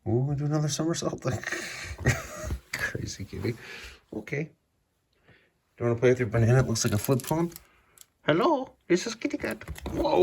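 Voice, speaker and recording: This man's voice is medium-pitched and a little mellow, with vocal fry and slight background noise. Filming his cat playing at home, he coos to it in a raised sing-song, the casual baby talk of a pet owner indoors.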